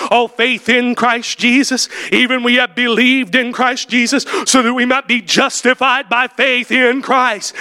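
A man preaching a sermon with fervor, building to shouts and falling back to quiet, drawn-out phrases. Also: very high voice, smooth. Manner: impassioned preaching, rising to shouts and dropping to near-whispers.

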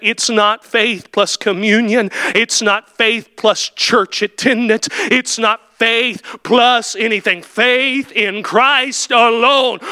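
Impassioned high-voiced preacher. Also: male voice. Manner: impassioned preaching, rising to shouts and dropping to near-whispers. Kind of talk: sermon.

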